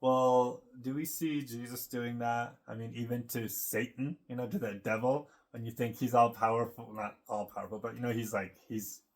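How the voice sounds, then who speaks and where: A man's voice: mid-range voice, steady tone, moderate pace, hardly any pauses. Chatty man musing aloud to camera. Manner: meandering, full of fillers, laughs often. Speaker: vlogger. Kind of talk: casual rambling monologue to camera.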